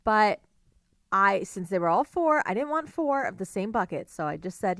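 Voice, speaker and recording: Woman podcast cohost, higher voice, bouncy, quick comebacks, dry close sound. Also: very animated, a bit bright, dry recording. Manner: defensive, quick comebacks, laughs. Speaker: podcast co-host. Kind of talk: casual chat.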